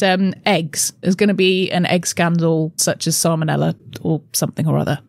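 Her voice is on the low side with a darkish tone as she hosts her channel, talking casually to camera from a cluttered bedroom office. She's chatty, giggles, and makes fun of herself; the recording through her laptop and headphones setup is dry and studio quality.

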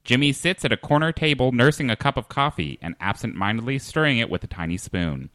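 Lively bright-voiced male podcast host. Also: mid-range voice, brisk, no echo, clean studio sound. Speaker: podcast host reading stage directions. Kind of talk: comedic script read-through.

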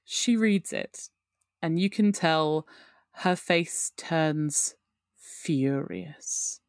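A woman's voice: sits low, very slow, no echo, studio quality. A woman narrating a tabletop game as game master, descriptive with frequent fillers.

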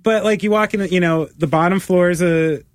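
Man, rambling casual talk, somewhat high voice, dry close mic. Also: fairly quick, no room sound. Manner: rambling, lots of "like". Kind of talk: casual chat.

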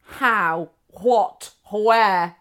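A woman's voice: mid-range voice, very slow, fairly bright tone, clear, resonant tone. A woman co-hosting a podcast, reading out listener messages in a giggly, playful way with theatrical emphasis. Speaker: podcast co-host.

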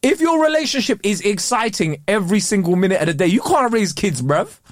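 Man, casual podcast chat, high voice, swooping lively delivery. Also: no room sound, studio quality. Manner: animated ranting, drawn-out exclaims. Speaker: podcast co-host.

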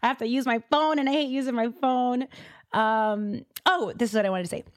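A woman's voice: on the high side, a little fast, dry recording. Host: chatty woman from Boston, casual podcast talk with a dry, close sound. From Boston, USA. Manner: chatty and animated, with lots of fillers and side remarks.

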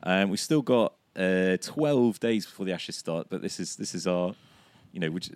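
Hoarse low-voiced man podcasting outdoors. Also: expressive, normal speed, no echo. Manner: chatty, self-deprecating, rambling with restarts. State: hoarse, recovering from laryngitis. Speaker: podcast co-host. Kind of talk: casual chat. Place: outdoors, sunny and breezy.

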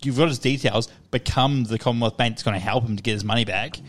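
A man's voice: mid-range voice, fast. A man co-hosts a casual podcast. He tells stories in a crude, mocking way and swears freely. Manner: crude, joking storytelling. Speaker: podcast co-host. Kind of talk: casual chat.

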